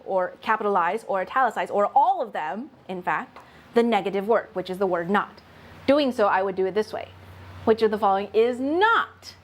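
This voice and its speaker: A woman leading a teaching workshop for faculty, explaining test writing patiently with worked examples and light laughs. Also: mid-range voice. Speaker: faculty development presenter.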